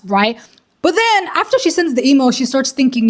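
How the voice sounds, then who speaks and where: A young woman casually retelling a story in slangy, animated commentary, swearing and laughing as she goes. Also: high-pitched, moderate pace. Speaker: commentary creator.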